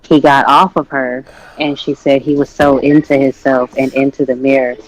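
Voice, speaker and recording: A man's voice: mid-range voice, flat delivery, moderate pace, rough recording. A man in a casual podcast chat, retelling a story in a loose, slangy way.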